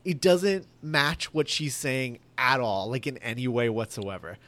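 A man's voice: mid-range voice, unhurried, fairly bright tone, dry recording. A man in casual reaction chat, emphatic and exasperated as he picks apart a video. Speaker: commentator.

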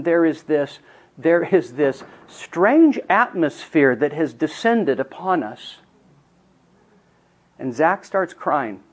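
A middle-aged man gives a teaching talk to counselors, earnestly telling a family story that shifts from hushed to emphatic. His voice is medium-pitched, and the recording quality is low.

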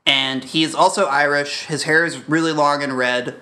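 A man guest pitching a story on a comedic podcast, halting with restarts and constant fillers. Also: fairly even intonation, pushed and bright.

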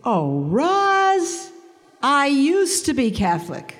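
Woman doing a scolding woman coworker, incredulous, high-pitched, exclamatory, long hall reverb. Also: huge pitch swings, slow, exaggerated voice.

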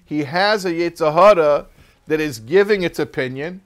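A man's voice: on the high side, moderate pace. A man teaching a religious text class in a casual, joking storytelling manner.

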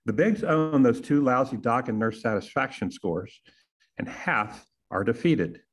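A man's voice: mid-range voice, animated, measured pace, breathy edge. A man, hosting a podcast and delivering a sarcastic, punchy opinion monologue full of rhetorical questions. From Texas. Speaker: podcast host.

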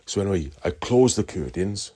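A man's voice: low voice, animated, normal speed, warm tone, husky. A Welsh man calling in to tell a rambling story, swearing constantly. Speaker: caller. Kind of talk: recorded call-in story.

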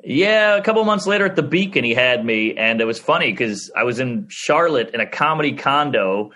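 A man, a stand-up comedian, telling a story on a podcast in an animated way and acting out the people in it. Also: medium pitch, fairly quick. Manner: animated, acts out the people in his stories.

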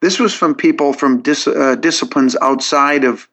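A man's voice: medium pitch, normal speed, a bit bright. A man, a guest on a podcast interview, earnestly walking through his reasoning step by step, often restarting his sentences. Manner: logical, earnest storytelling with frequent restarts. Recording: dull lo-fi audio.

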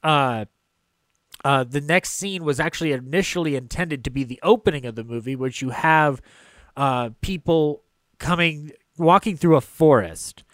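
A man's voice: fairly high pitch, moderate pace, fairly bright tone, no room sound. Rambling man recapping a film. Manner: rambling, filler-heavy recap. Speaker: podcast co-host. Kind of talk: casual film discussion.

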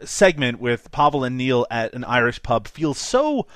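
A young man hosting a casual movie review podcast, animated and profane, laughing often. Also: medium pitch, a little slow, no room sound, clean studio sound. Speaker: podcast host.

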